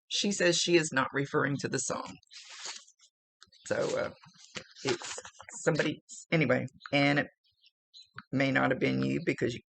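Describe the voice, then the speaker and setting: A woman's voice: very deep voice, vocal fry, fairly bright tone, no echo. A woman working as a psychic medium, talking through a spiritual reading in a rambling, casual way, often searching for words.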